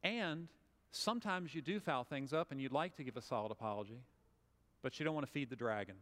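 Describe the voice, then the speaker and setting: A man's voice: mid-range voice, lively intonation, fairly quick, fairly bright tone. Southern man speaking in a big hall. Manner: conversational and humorous, acts out scenes. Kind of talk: motivational talk to an audience. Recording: long hall reverb.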